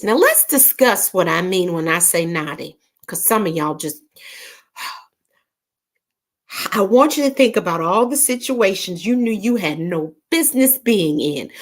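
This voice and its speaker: A woman hosting a casual online gathering, reading viewer comments in a playful, teasing way. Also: medium pitch. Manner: playful, teasing, lots of laughs and sighs. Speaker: host of a live online gathering.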